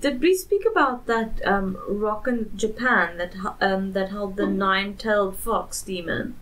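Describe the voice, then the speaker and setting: A woman from South Africa co-hosting a podcast, chatting slowly and asking curious questions. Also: medium pitch, a bit bright, recorded from a distance, poor audio. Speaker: podcast co-host. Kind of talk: casual chat.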